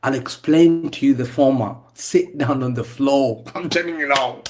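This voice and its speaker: A man trading heated football banter, his mockery full of taunts he repeats again and again. His voice sits at an ordinary male pitch. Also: moderate pace, background noise. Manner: mocking, repetitive taunting. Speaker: panelist.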